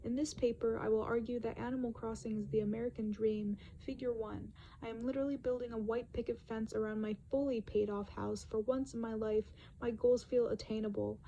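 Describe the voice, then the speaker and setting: A woman in her twenties performing spoken word with a deadpan, jokey delivery. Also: a little high, a little fast, hardly any pauses, muffled recording, slight background noise. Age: 20s. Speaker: student poet.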